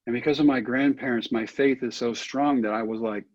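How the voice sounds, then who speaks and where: Earnest folksy middle-aged man, husky voice. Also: medium pitch, fairly even intonation, a little fast, darkish tone, dry recording, dull audio. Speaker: guest. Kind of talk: storytelling interview answer.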